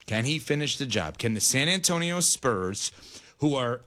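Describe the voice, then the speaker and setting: A male sports radio host speaking in a studio, his voice sharp and bright in tone. He moves briskly through promos and introductions, keeping the show rolling. His pitch sits in an ordinary middle range for a man. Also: big pitch swings. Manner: brisk, reads promos and sets up clips.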